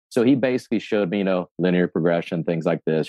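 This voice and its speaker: A deep, mellow man in his forties tells how he got into fitness, recorded close and dry. He talks casually, swears freely and plays out the voices of friends and himself. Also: fast talker, hardly any pauses, dry recording. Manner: animated storyteller, acts out quotes, swears casually. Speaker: gym owner and fitness coach. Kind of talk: podcast interview, casual storytelling.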